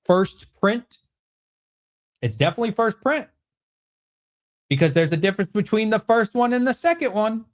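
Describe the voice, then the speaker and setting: A man with an animated, bantering manner, hosting a casual livestream Q&A from home and answering chat comments. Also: sits high, normal speed, pauses often. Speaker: host.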